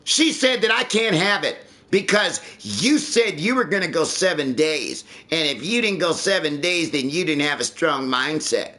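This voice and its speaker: Lively, bright-voiced ranting male streamer. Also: fairly high pitch, normal speed, few pauses. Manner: animated, ranting and swearing. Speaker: livestreamer. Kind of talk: casual livestream chat.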